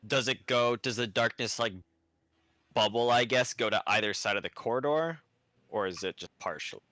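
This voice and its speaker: A man's voice: mid-range voice, normal speed, pushed and bright, no echo, studio quality. A man playing in a tabletop game, asking laid-back, curious questions about his surroundings. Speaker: player. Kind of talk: casual tabletop game play.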